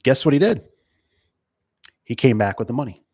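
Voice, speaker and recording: A man's voice: medium pitch, sing-song, moderate pace, darkish tone, dry recording. A man who owns a door and gate business, talking casually and rambling, with lots of fillers and "right?" tags, often retelling conversations in quoted dialogue. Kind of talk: casual chat.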